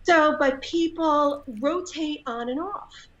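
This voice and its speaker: A woman's voice: high voice, slow, fairly bright tone. Earnest woman guest, dull sound. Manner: earnest, reflective, encouraging. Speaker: podcast guest. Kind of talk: casual podcast conversation.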